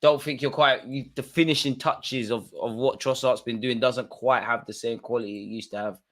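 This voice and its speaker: A man runs a live football watch-along, talking the match through in slangy banter. His voice is bright and forward. He swings from muttered asides to excitable shouts at the referee. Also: mid-range voice, normal speed. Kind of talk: live match reaction commentary.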